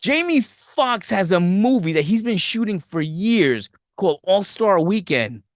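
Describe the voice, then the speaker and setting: A man's voice: sits high, sing-song, a little slow, dry recording, studio quality. A man hosting a podcast, animatedly telling a movie's plot in a rambling, profane, casual way. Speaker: podcast host.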